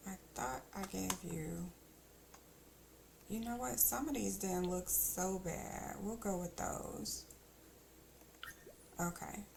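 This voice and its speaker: A woman's voice: medium pitch, takes it slowly, vocal fry, pauses often, noisy background. A woman streamer chatting casually as she plays, thinking aloud with teasing asides. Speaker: game streamer. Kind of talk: casual gameplay commentary.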